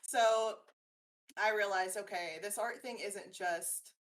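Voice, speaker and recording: A woman's voice: mid-range voice, takes it slowly, fairly bright tone. A woman artist being interviewed, chatting in a bubbly way with frequent laughter. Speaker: guest artist. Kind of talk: casual interview chat.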